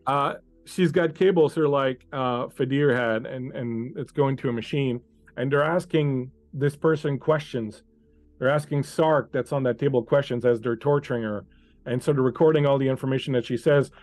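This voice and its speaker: A man running a tabletop game as game master, narrating scenes to a player in an unhurried, second-person way over an online call. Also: mid-range voice, steady tone, a little mellow, no room sound.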